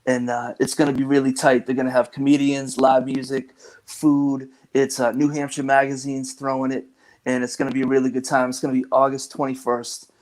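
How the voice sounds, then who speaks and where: A man's voice: mid-range voice, completely flat delivery, brisk, a little mellow, poor audio. A man with a thick Boston accent, a guest musician talking casually, rambling and laughing easily. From Lowell, Massachusetts. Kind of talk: casual chat.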